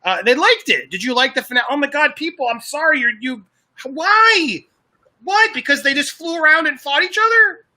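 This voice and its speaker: A man hosting a live stream review, incredulous and excitable, mocking what he watched. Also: very high-pitched, moderate pace. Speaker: host.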